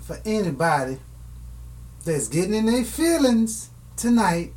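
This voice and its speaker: A woman's voice: mid-range voice, sing-song, measured pace, a little mellow. A woman co-hosting a live podcast talk show, with a teasing, laid-back way of bantering. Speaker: podcast co-host.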